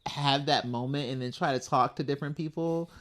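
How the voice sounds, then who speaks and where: Animated, expressive male podcast host. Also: medium pitch, brisk. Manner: animated, expressive, swears casually. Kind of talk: casual conversational chat.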